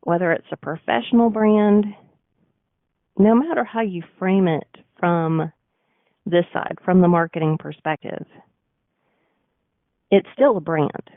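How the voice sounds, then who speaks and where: A woman's voice: lowish voice, a little slow, long pauses, no echo. A woman with a nasal Southern US accent hosting a radio show, giving business advice in a chatty, earnest way with frequent fillers. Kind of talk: casual monologue with business advice. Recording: tinny phone-like line.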